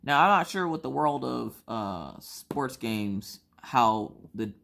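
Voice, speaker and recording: Woman host, casual storytime delivery, gravelly fry, plays out dialogue. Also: a bass voice, expressive, slow pace, fairly bright tone. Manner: chatty, acts out both sides of conversations. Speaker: crafting channel host.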